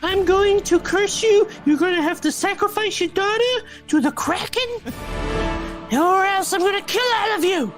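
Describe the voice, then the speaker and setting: A man voicing a furious, vengeful goddess in a high, overblown way. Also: over music. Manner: shrill, drawn-out, overblown threats.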